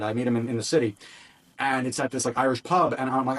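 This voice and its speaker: A man who works as a wrestling ring announcer, a guest on an interview podcast, telling stories in a casual, animated way, acting out quotes and restarting often. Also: medium pitch, distant mic. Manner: animated storytelling with quick restarts and acted-out quotes.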